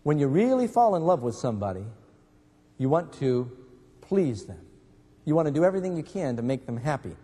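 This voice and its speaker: A man's voice: fairly high pitch, big pitch swings, a little fast, dark tone, husky, long reverb tail. A man preaching a sermon as pastor, telling stories and asking the congregation questions. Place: church hall.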